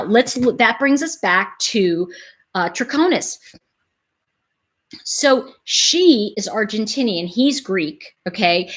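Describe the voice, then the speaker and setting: A middle-aged woman hosting a casual live stream, chatting straight to her viewers in an animated, talkative way. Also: fairly high pitch. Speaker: livestream host.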